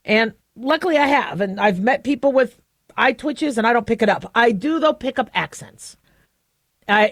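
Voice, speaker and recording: Chatty woman radio host, bright higher voice. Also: no echo. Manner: chatty, self-deprecating, frequent restarts and laughs. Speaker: radio show host and physician. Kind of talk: casual talk radio monologue.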